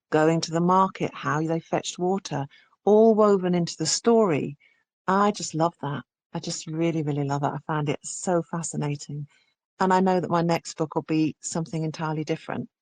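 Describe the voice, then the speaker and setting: An English woman who narrates audiobooks talks enthusiastically in a conversational interview, often restarting her phrases. Her voice sits low with a darkish tone, and the recording is dry.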